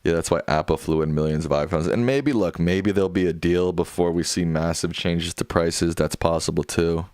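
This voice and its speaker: Young male streamer, deep voice, dry close-miked sound, casual and rambling. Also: fairly even intonation, moderate pace, few pauses, darkish tone, clean tone, no echo. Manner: loose and rambling, with many fillers and restarts. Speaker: livestream host. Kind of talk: casual livestream chat reading viewer comments.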